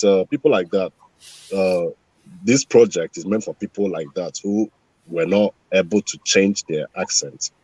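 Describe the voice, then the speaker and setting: A man asking a question on a TV talk show, halting and full of fillers. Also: deep voice, warm tone, slightly rough, no room sound, low-quality recording. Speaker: caller or panelist asking a question.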